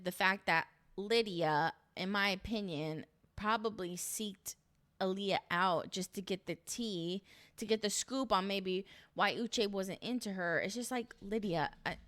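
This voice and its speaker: A young woman recaps a reality show straight to camera in a casual, chatty way. She is opinionated and swears freely, and her mid-pitched voice stays easy and conversational. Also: a little slow, a bit bright.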